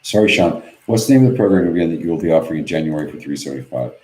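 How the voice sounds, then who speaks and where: A man's voice: extremely low pitch, expressive, rapid-fire, a little mellow, roomy sound, rough recording. A man hosting a live webinar from home, reading viewer questions aloud and answering them bluntly and offhand. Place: home office.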